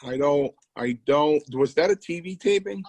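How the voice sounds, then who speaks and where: A man's voice: on the high side, moderate pace, a little mellow, no room sound, rough recording. A man co-hosting a podcast, a former wrestler telling rambling stories with restarts and quoted dialogue. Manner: rambling anecdotes with restarts, quoting others. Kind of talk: casual storytelling.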